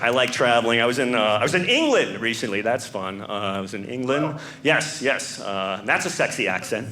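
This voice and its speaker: A man's voice: mid-range voice, lively intonation, fairly quick, pushed and bright. A man doing stand-up comedy with a wry, mocking observational delivery. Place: comedy club stage. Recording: live comedy club, audience laughter and noise.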